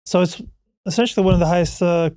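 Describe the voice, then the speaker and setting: A man's voice: high voice, fast, mellow, clear, resonant tone, no echo, studio quality. A man hosting a podcast interview, asking questions and summing up his guest's points. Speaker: podcast host.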